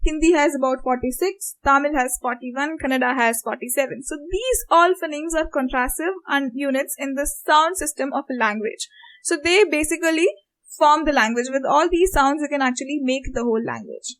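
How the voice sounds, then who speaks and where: A woman's voice: high voice, expressive, moderate pace, a bit bright, rough recording. A woman from India with an Indian English accent, patiently explaining a lesson and repeating example words aloud. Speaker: teacher. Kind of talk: online lecture explanation.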